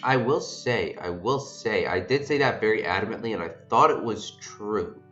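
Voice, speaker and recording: A man co-hosting a casual podcast, teasing and animated in his banter. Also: lowish voice, moderate pace, lo-fi sound, faint music behind. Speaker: podcast co-host. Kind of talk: casual chat.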